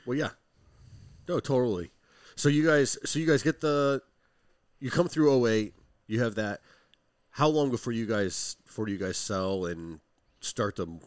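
A man's voice: mid-range voice, unhurried, long pauses, dry recording, studio quality. A man hosting a podcast, asking about a guest's business and sharing his own story in loose, filler-heavy talk. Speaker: podcast host. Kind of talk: casual interview.

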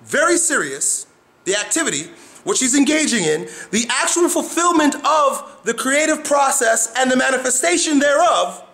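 A man talks to his viewers in a motivational style, telling stories and acting out faces and sounds as he goes. His voice sits high and bright, and it swoops widely between points. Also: expressive, moderate pace, vocal fry. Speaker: motivational vlogger. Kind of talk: motivational talk to camera.

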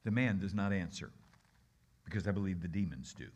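A man giving a sermon as a guest preacher, telling the story in a conversational, expressive way and swinging between loud and hushed delivery. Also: low voice, brisk, long pauses, slightly rough.

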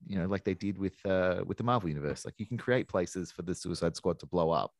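Male podcast co-host, deep voice, enthusiastic rambler, dry close sound. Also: fast talker, no room sound. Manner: rambling, enthusiastic, swears casually. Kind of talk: casual film discussion.

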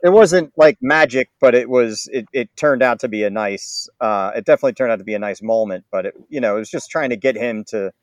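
Relaxed male guest, chuckles while retelling, dry close sound. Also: mid-range voice, brisk, few pauses, no room sound. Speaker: documentary cameraman guest. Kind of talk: casual interview storytelling.

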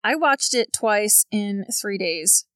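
A woman from Colombia co-hosting a podcast in a relaxed, chatty way, laughing often. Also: medium pitch, slow pace, clear, resonant tone, no echo, studio quality. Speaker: podcast co-host. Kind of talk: casual chat.

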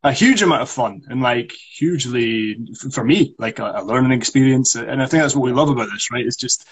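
A man's voice: medium pitch, fairly quick, slight background noise. A Scottish man and actor co-hosting a podcast, chatting easily and rolling his R's. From Scotland. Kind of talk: casual chat.

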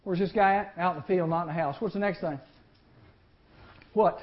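A man preaching to a teen group, telling a Bible story and acting out its voices with lively energy. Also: high voice, normal speed. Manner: animated, acts out voices in the story. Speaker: youth speaker. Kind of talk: storytelling sermon. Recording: lo-fi recording.

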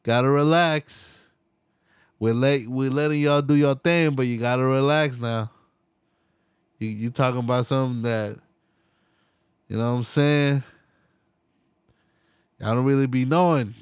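Young male podcast host, profane and animated, mid-pitched voice, dry close mic. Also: unhurried, long pauses, clean tone, dry recording. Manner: profane, animated, slangy, laughs often. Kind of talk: casual solo podcast rant.

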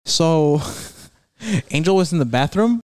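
A man's voice: on the high side, expressive, takes it slowly, no echo, clean studio sound. A man in his twenties chatting casually with friends on a podcast, laid-back, swearing freely and laughing often. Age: 20s. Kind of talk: casual chat among friends, mixing Spanish. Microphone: headphones and studio mic.

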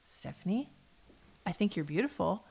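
Animated woman gossiping. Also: lowish voice, normal speed, gravelly, husky. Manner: animated, drops into hushed asides and mock voices. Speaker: podcast co-host. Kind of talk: casual chat recapping a reality show.

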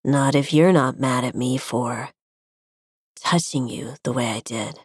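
Woman reader doing a soft-spoken, gentle young man; low, dry, murmuring. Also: measured pace, slightly rough, no echo, heavily acted. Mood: tender.

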